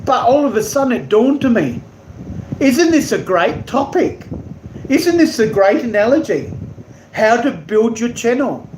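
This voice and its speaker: Aussie guy rambling on his live stream, highish voice, echoey room, aircon humming loud. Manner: rambling, warm, digressive, stumbles over words. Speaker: live-streaming artist and channel host. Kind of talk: casual live-stream chat reading out viewer comments. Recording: echoey room with loud air-conditioning hum.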